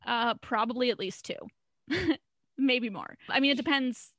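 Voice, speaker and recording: A young woman with a bright, clear voice talks through a sitcom episode in a relaxed podcast chat. She slips into quick impressions of the characters and laughs often. The sound is close and dry. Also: on the high side, no room sound. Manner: animated storyteller, acts out quotes, laughs often. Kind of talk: casual chat.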